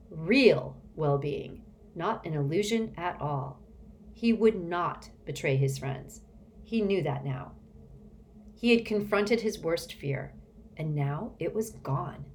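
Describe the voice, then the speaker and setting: A woman narrating an audiobook in a measured, expressive storytelling manner. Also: lowish voice, a little hiss or hum.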